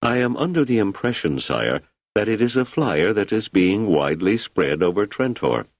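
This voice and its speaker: A man voicing a calm, deferential minister. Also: lowish voice, dry recording, voice pushed up. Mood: composed. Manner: quiet, measured, deferential. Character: calm, courteous male first minister. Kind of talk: audiobook character voice. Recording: slightly muffled lo-fi recording.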